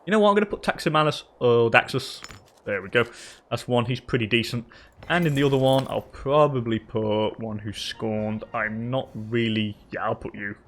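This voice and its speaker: A man's voice: medium pitch, moderate pace, fairly bright tone. A young man hosting a gaming channel, rambling casually through his strategy game, swearing and chatting to the characters on screen. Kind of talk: casual let's-play commentary.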